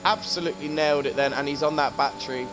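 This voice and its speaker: A man's voice: mid-range voice, level tone, fast talker, music in the background. A man commentating a sim racing league, joking and swearing as he talks. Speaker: race commentator.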